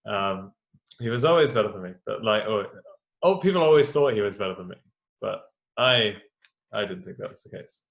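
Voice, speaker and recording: A man's voice: lowish voice, expressive, fairly quick, vocal fry. A man voicing a nervous, resentful rival bard who stammers, hesitates and justifies himself. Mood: confessing. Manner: hesitant, flustered and self-justifying. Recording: dull lo-fi sound.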